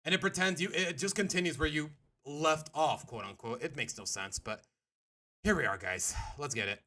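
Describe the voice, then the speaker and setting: A man's voice: a little high, normal speed, bright, forceful tone. A young man streaming, chatting casually with his viewers in a rambling, self-correcting way while reacting to a video.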